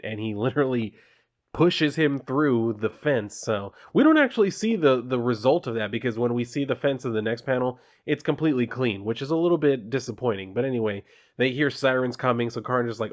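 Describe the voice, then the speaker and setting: A man talks through a comic issue in a loose, offhand way, full of casual fillers. His voice sits at a middle pitch. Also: lively intonation, brisk. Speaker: comic book reviewer.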